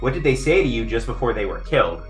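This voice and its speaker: Lively-voiced man in an echoey room. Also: medium pitch, fast, soft background music. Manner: hesitant, fills with "uh" and "um", laughs. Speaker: player and podcast host. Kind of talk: casual tabletop game play.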